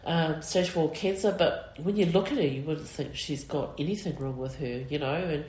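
A middle-aged woman with a New Zealand accent, speaking in an interview with many fillers, emotional and halting. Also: low-pitched, darkish tone, slight background noise. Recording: roomy echo.

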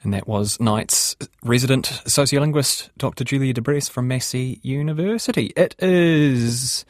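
A man's voice: mid-range voice, moderate pace, dry recording, clean studio sound. New Zealand man hosting a radio show. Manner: conversational, reads out listener messages. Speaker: radio host. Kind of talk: radio interview and listener texts.

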